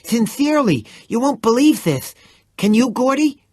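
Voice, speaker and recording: A man doing a panting, excitable young boy, Vern. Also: very high-pitched, moderate pace, slightly rough, dry recording, clean studio sound, pitched above the performer's own voice, full character voice. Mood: excited. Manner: panting, urgent and earnest.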